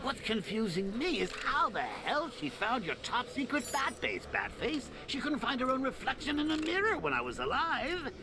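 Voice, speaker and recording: An actor playing a sneering male clown villain who gloats slowly and theatrically. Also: extremely high pitch, very animated, background noise, heavily acted. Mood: gloating. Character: sneering dead male clown villain haunting a hero's mind.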